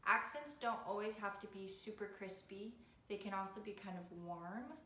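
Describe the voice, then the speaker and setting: A woman's voice: medium pitch, normal speed, sharp tone. A woman violin teacher giving a patient, step-by-step video lesson. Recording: echoey room with faint noise.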